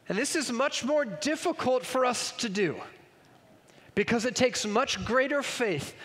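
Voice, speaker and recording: A man's voice: high-pitched, a bit bright. A man preaching a sermon with emphatic delivery and frequent rhetorical questions. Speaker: pastor. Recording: long reverb in a large hall.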